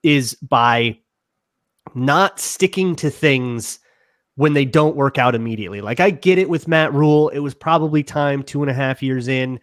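A man co-hosting a sports talk podcast, delivering an animated, opinionated rant. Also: mid-range voice, normal speed, no echo, clean studio sound. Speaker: podcast co-host.

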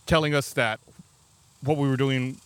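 A man's voice: mid-range voice, steady tone, normal speed, clear, resonant tone, no echo. A man co-hosting a podcast, chatting casually outdoors and swearing freely. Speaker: podcast co-host. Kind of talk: casual chat. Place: outdoors at a restaurant.

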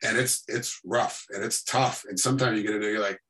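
A man talks quickly in a bright, forceful voice, playing out ringside moments as he tells them. He is a guest and a referee in a casual interview. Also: lowish voice. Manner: animated storytelling that acts out fight scenes. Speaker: guest, MMA referee and former fighter.

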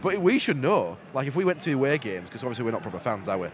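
A man co-hosting a podcast, talking in playful, lively banter and laughing easily. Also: medium pitch, fast. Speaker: podcast co-host. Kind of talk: casual banter. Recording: noisy background.

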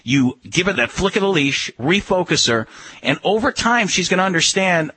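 A man's voice: fairly high pitch, very animated, moderate pace, bright, forceful tone, slightly rough, no room sound, poor audio. A man on a call-in radio show giving dog-training advice in a firm, instructive way, often repeating key words.

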